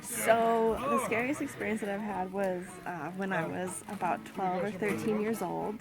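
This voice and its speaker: A woman's voice: mid-range voice, fairly even intonation, normal speed, gravelly. A young woman casually recounting a true scary experience, chatty and full of fillers. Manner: conversational, lots of fillers and quoted dialogue. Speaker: storyteller. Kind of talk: casual true-story telling. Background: loud background music.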